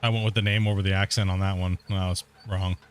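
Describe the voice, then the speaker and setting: A man's voice: sits low, little pitch movement, quick pace, clear, resonant tone. Chatty male gaming streamer. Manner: chatty, talks straight to viewers in chat, frequent laughter. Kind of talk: casual livestream chat.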